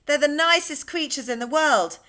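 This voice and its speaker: A woman's voice: high voice, normal speed, pushed and bright, pitched above the performer's own voice. A woman voicing a cheerful small boy in a storybook reading, bubbly and sing-song as he recites verse.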